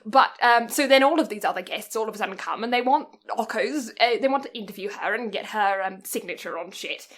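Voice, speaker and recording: Giggly British woman, bright voice. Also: medium pitch, fairly quick, hardly any pauses. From Britain. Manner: giggly, sweary, rambling. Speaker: podcast co-host. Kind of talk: casual chat.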